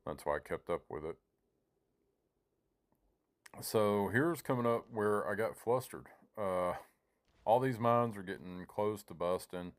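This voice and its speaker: A man's voice: lowish voice, a little slow, long pauses. A man giving casual, rambling commentary over his own gameplay, often breaking off mid-sentence to replay his own panicked thoughts. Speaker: gaming YouTuber.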